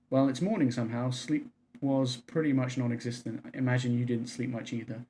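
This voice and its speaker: A man streaming a video game, casually commenting and reading in-game text messages aloud in a low, subdued voice. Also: fairly even intonation, brisk, warm tone, slight background noise. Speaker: livestreamer. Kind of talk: casual let's-play commentary.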